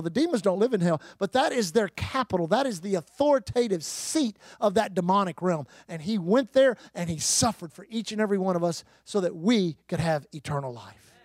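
A man's voice: sits high, darkish tone, no echo. Emphatic preacher man, dry sound. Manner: preaching with emphatic rises and repetition, calls to the congregation. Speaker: pastor. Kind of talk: sermon.

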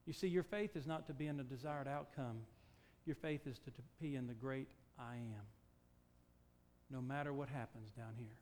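A man preaching a sermon, emphatic and full of rhetorical questions, swinging from loud declarations to low, quiet points. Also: normal speed, a little hiss or hum.

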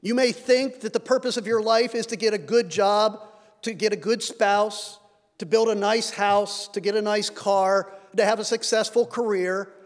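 Man, preacher, sermon, earnest, high-pitched, long hall reverb. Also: fairly even intonation, normal speed. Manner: earnest, rising when reading scripture.

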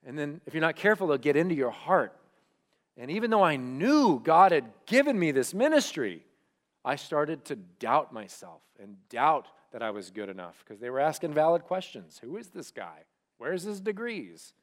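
A young male pastor tells a story from the pulpit, his voice sitting a little higher than most men's. He swings between loud, animated retelling and quiet, reflective asides as he preaches. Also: moderate pace. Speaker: student pastor. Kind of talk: sermon.

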